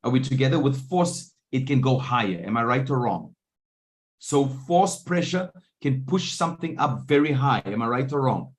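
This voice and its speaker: A man coaching a live online trading room, often pausing to ask whether his listeners are following. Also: mid-range voice, animated. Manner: keeps checking in with listeners. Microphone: video call.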